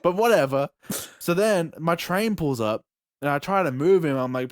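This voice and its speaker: Animated swearing Australian young man. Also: fairly high pitch, moderate pace, dry recording, clean studio sound. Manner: animated, profane, acts out scenes with yelps and shouts. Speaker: podcast host. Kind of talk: casual storytelling.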